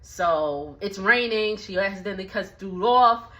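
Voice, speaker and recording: A woman recapping a movie in a casual, slangy, animated way, with lots of asides. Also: mid-range voice, measured pace, dull audio.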